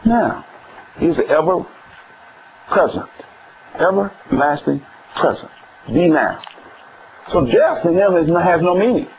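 A man's voice: lively intonation, slow, pauses often. Preacher man, lo-fi church recording. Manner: questioning the congregation, swinging from high exclamations to low emphatic words. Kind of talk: sermon. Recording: dull lo-fi recording with faint noise.

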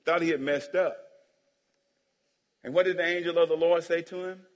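A man's voice: sits high, normal speed. A man preaching a playful sermon as pastor, joking with the congregation and calling for amens. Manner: playful preaching, calls for amens and jokes with the crowd. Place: church sanctuary. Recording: long hall reverb in a church.

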